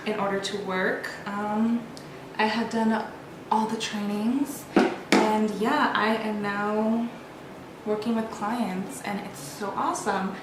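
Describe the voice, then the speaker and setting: A woman's voice: medium pitch, roomy sound, heavy background noise. A young woman chatting candidly while getting ready, rambling with many restarts, recorded on a built-in camera mic. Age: young adult. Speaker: beauty vlogger. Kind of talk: casual get-ready-with-me chat.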